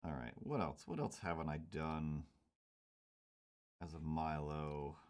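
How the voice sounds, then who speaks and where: A man's voice: very deep voice, slow, a little mellow, clear, resonant tone. A man casually thinking aloud as he draws cartoons, rambling with lots of fillers. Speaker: cartoonist drawing on stream. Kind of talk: casual running commentary while drawing.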